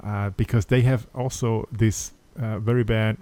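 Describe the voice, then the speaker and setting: A man's voice: on the low side, steady tone, unhurried, mellow. A man with a German accent hosting a podcast in casual chat, hesitant with many fillers and restarts. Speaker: podcast host.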